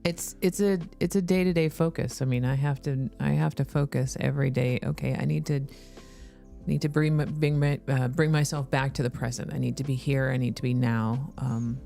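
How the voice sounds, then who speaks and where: A woman's voice: very deep voice, fairly even intonation, moderate pace, creaky, warm tone, faint music behind. A woman sharing earnestly and reflectively in a casual recovery group chat. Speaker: group member.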